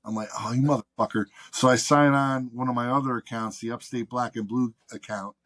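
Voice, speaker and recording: A man's voice: mid-range voice, a little fast. A man guest on a podcast, telling a long anecdote in casual, profane chat and acting out the people he quotes. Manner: profane, animated anecdote teller doing quoted voices. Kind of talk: casual storytelling.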